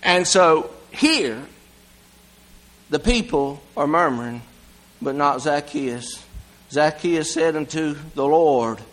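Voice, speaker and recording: A man preaching a sermon in a folksy, animated way, swinging from loud exclamations to hushed asides. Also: on the high side, slow, low-quality recording.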